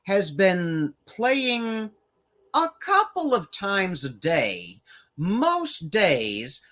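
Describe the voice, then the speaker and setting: Wry co-host, slow and swearing, talks with a lot of melody in the voice. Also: medium pitch, wildly swooping pitch, a bit bright. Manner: wry, profane storytelling. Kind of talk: casual chat.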